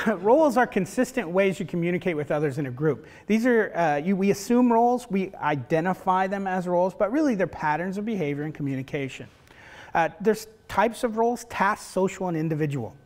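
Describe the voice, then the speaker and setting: A high-voiced university professor lectures a class of facilitators in a brisk, animated way. Personal stories fill the talk, and he keeps asking "right?" while acting out family conversations.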